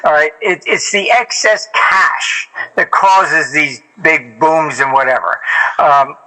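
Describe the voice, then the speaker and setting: Bright-voiced older man telling rambling stories. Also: a little high, slow pace, low-quality recording. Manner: rambling, many fillers and restarts. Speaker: interview guest, former hedge fund manager. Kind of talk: casual anecdotal storytelling.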